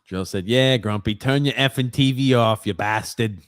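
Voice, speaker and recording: A man's voice: mid-range voice, moderate pace, no echo, studio quality. A man co-hosting a casual podcast, reading out live viewer comments in a rambling way with many fillers. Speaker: podcast co-host.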